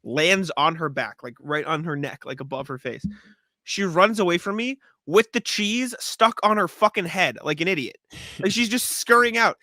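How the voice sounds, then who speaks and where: Bright-voiced man telling a story. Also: sits high, normal speed, no room sound. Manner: animated storytelling, swears freely, laughs often. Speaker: podcast co-host. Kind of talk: casual sports podcast chat.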